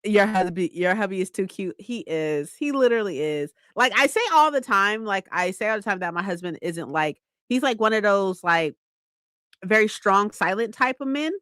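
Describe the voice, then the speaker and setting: A woman's voice: mid-range voice, moderate pace, dry recording, clean studio sound. A young woman vlogging from home in a casual, bubbly, chatty way. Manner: bubbly, chatty, squeals when excited. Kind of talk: casual chat.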